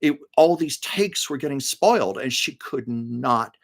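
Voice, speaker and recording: This man's mid-range voice is animated, unhurried, and creaky as he livestreams from home. He tells casual, chatty show-business anecdotes, laughing often and pausing to read comments from the live chat.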